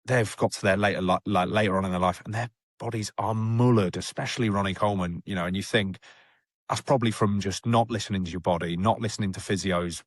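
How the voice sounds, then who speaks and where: A man's voice: on the low side, steady tone, fast talker, no echo, clean studio sound. A young man, a guest on a rehab talk show, telling a story in a chatty way with many restarts. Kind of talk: casual storytelling chat.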